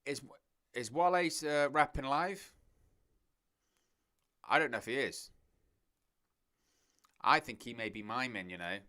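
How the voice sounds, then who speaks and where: A man hosting a live watch-along, talking in a chatty, off-the-cuff way as he reacts and addresses his viewers. His voice is bright and forceful, with a crisp, smooth clarity. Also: medium pitch, measured pace, long pauses. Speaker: host of a wrestling watch-along stream. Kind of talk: live watch-along commentary, reading chat.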